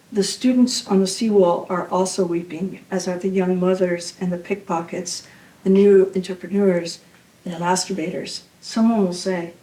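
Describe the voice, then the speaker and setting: A woman poet giving a poetry reading at a university venue, measured and intimate, often dropping to a hush. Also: lowish voice, reverberant, distant mic, poor audio.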